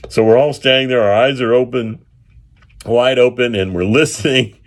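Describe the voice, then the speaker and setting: A man, an engineer, telling a field story in a casual, unhurried way, with filler pauses and chuckles. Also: medium pitch.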